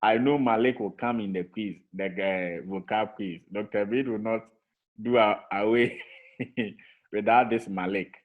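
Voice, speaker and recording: A man's voice: fairly low pitch, steady tone, unhurried. A man teaching a Hebrew vocabulary lesson to a class over a video call, patiently repeating each word for drilling. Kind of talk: online language lesson. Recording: tinny phone-like call audio.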